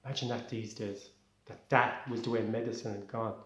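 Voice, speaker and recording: Rambling Irish comedian, echoey room. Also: male voice, fairly low pitch, fairly quick. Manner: rambling, self-interrupting, excitable. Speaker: stand-up comedian. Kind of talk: comic storytelling.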